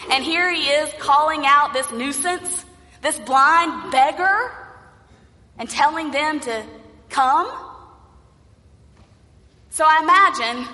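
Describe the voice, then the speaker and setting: Bright-voiced woman preaching a sermon. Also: high-pitched, in a large hall. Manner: storytelling, acting out voices in the tale. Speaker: pastor.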